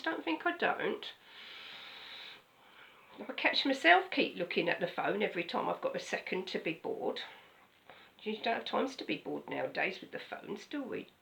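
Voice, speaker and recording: A woman's voice: mid-range voice, creaky, pushed and bright, low-quality recording. An older woman pastor, giving a chatty, conversational sermon with frequent "okay?" asides. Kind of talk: casual sermon.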